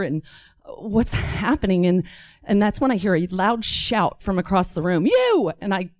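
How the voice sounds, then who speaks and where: A woman from Texas telling a comic personal story on stage, animated and acting out every voice. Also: on the low side, dry recording, studio quality.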